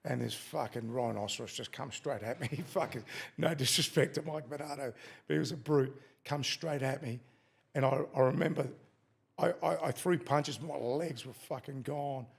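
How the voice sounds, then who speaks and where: A middle-aged Australian man, formerly a fighter, shares a casual story as a podcast guest, swearing freely and acting out quotes. He speaks at a moderate pace in a mid-range voice that's gravelly and slightly rough.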